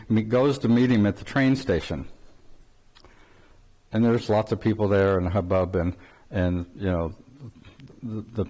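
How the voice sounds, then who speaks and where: An older man leads a spiritual talk, his fairly low voice wandering through a story with restarts. He chuckles often as he speaks. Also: warm tone. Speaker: spiritual teacher.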